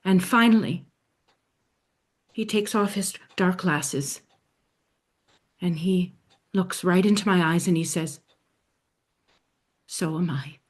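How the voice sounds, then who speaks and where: A woman telling a dramatic story in the first person, speaking in a hushed voice that often sinks to a soft near-whisper. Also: fairly low pitch, slow pace, pauses often.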